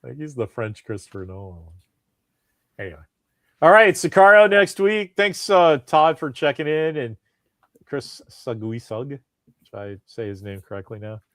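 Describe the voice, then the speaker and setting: With a mid-range voice at normal speed and no room sound, a male podcast host chats casually. His storytelling is animated, and he acts out what others said.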